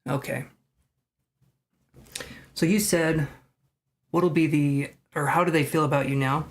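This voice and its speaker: Hosting a live tarot stream, a man with a slightly high voice reads cards for his viewers, rambling, thinking aloud and poking fun at himself. His tone stays steady and his pace is a little slow.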